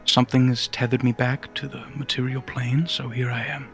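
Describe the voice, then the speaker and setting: A man's voice: mid-range voice, level tone, moderate pace, faint music behind, close to an everyday voice. A man voicing a pompous, forgotten female deity who speaks from a mass of light, hazy about who she is. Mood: pompous, musing. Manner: pompous, hazy and unsure of herself.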